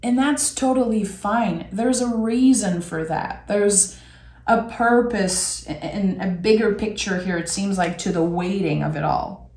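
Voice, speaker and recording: A woman gives an intuitive tarot reading slowly and gently, her thoughts unfolding in soft, reflective pauses. Her voice sits at an ordinary middle pitch, and an echoey room rings around her.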